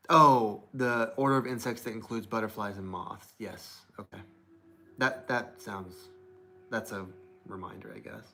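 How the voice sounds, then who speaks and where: A man's voice: lowish voice, steady tone, a little slow, sharp tone. A young man hosting a casual livestream, thinking aloud and reading chat comments from a laptop. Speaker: livestream host. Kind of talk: casual live-stream chat. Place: indoors at a desk with plants. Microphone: laptop mic.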